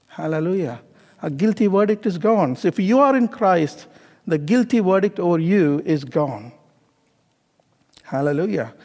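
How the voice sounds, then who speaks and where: Guy preaching, keeps asking the room questions, lots of okay and you know, high voice, long echo. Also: darkish tone. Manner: calls out questions to the congregation. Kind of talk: sermon with personal story.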